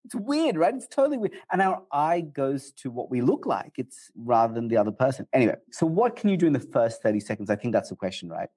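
A man answering interview questions about communication in a conversational way, jumping up in pitch for quoted asides. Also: very animated, quick pace, few pauses, a little mellow. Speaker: guest speaker on communication.

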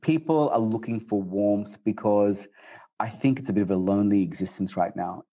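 A man answering interview questions about communication in a conversational way, jumping up in pitch for quoted asides. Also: normal speed, dark tone. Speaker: guest speaker on communication.

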